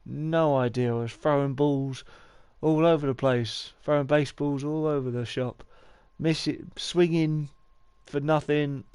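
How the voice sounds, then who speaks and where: A man's voice: fairly high pitch, fairly even intonation, measured pace, few pauses, a little mellow, clean tone, no room sound. A man live-streaming a baseball game, talking in a rambling, stuttering, encouraging way. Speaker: gaming streamer.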